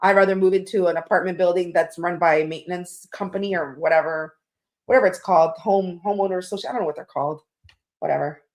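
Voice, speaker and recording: A woman's voice: lowish voice, fast talker. A woman hosting a tarot livestream, chatting casually with viewers in a rambling, candid way, swearing now and then.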